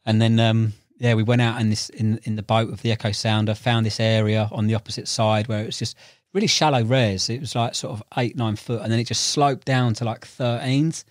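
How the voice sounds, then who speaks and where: Young bloke, podcast guest, chatty storyteller, animated, dry close mic. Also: male voice, on the low side, a little fast, no room sound. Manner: animated, laughs while telling stories, acts out voices. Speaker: podcast guest, tackle shop owner and angler. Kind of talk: casual storytelling chat.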